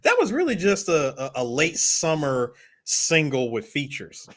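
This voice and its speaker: A man's voice: on the high side, huge pitch swings, measured pace, fairly bright tone. A man co-hosting a podcast in casual, jokey chat, often cutting in to make a point. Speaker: podcast co-host.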